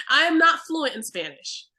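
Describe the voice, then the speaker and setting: A woman hosting a podcast, chatting casually and excitably, laughing often. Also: extremely high pitch, unhurried. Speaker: podcast host. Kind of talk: casual chat.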